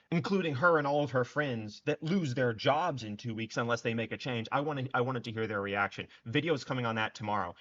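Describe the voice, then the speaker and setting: A man's voice: mid-range voice, fairly bright tone. A young man giving scornful, sarcastic political commentary. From United States. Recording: dull lo-fi recording.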